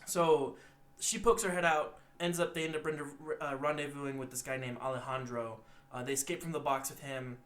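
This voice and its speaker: A young man co-hosting a podcast, retelling a film's plot in a rambling, animated way and acting out the characters' lines. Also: mid-range voice, a little fast. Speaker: podcast co-host. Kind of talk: casual movie recap.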